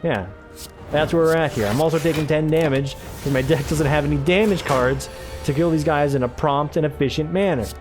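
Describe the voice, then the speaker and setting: Over music, a man with a slightly high, brisk voice casually commentates his own game playthrough as a let's play host. He rambles, trips over his words and swears offhandedly.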